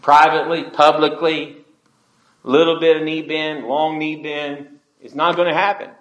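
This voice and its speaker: A man's voice: on the high side, level tone, measured pace, a bit bright, echoey room, lo-fi sound. A man voicing defiant young men of faith who speak firmly.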